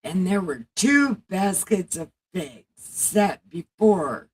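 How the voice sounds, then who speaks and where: Lady slowly reading scripture on stream, chatty asides, pretty unhurried. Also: fairly low pitch, big pitch swings, a little mellow, breathy edge, low-quality recording. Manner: slow, halting reading with chatty asides and swearing. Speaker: livestream host reading the Bible. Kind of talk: casual livestream Bible reading.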